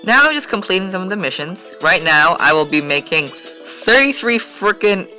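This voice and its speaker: Guy chatting over his gameplay, kinda high voice, lots of ums and likes. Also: very animated, normal speed, bright, forceful tone, faint music behind. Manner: rambling, filler-heavy, chatty. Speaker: gaming channel host. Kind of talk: casual gameplay commentary.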